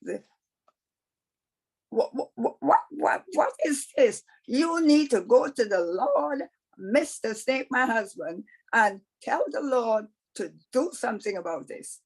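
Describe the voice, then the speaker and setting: A woman's voice: a little high, expressive, measured pace, husky, full character voice, rough recording. Woman doing a ranting bossy snake wife. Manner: ranting, scolding.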